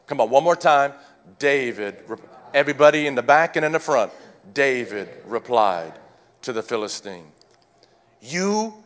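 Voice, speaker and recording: A man preaching a sermon to his church, calling out to the congregation and swinging between shouted declarations and quieter teaching. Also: medium pitch. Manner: calls out to the congregation. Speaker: pastor.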